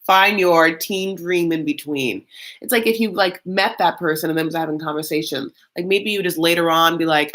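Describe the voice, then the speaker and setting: A woman's voice: on the low side, moderate pace, fairly bright tone. A woman hosting a casual reality-show recap, chatty and loose, full of fillers and calling the audience honey.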